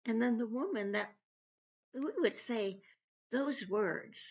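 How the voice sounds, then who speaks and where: Slow, husky woman giving a devotional. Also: a little high, a little mellow. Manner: earnest, retelling scripture with acted quotes. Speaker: devotional speaker. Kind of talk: personal devotional talk. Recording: dull lo-fi recording.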